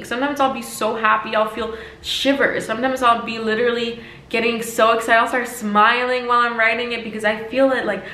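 A young woman in her twenties talks straight to camera in a casual vlog, chatty and emphatic, coming back to the same points again and again. Her voice is bright and forward. The room gives it a clear echo. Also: fairly high pitch. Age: 20s. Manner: chatty, emphatic, repeats herself. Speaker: lifestyle vlogger. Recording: echoey room.

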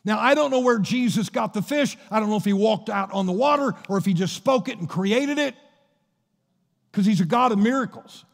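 High-voiced, gravelly preaching man. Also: a little fast. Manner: storytelling preacher retelling Bible scenes. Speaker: pastor. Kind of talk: sermon. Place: church sanctuary. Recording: long reverb of a church hall.

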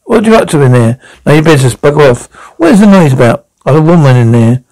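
A man trading brash, crude sitcom dialogue in a gravelly voice. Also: on the high side, expressive, fast talker, darkish tone, low-quality recording.

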